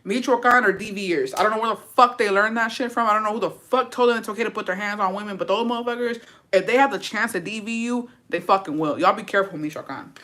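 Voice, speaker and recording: Bright-voiced, blunt, profane woman. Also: mid-range voice, fast. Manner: emphatic, repeats points for effect. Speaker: streamer reacting to viewer comments. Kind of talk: casual unfiltered chat.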